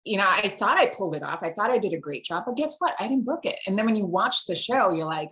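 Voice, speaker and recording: A woman from Singapore, an actor, telling stories in a lively, casual interview. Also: medium pitch, fast, few pauses. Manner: animated storyteller, switches accents.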